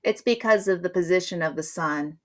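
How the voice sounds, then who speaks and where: A woman's voice: on the low side, a little fast. A middle-aged woman hosting a live stream, chatting casually and rambling in a friendly way.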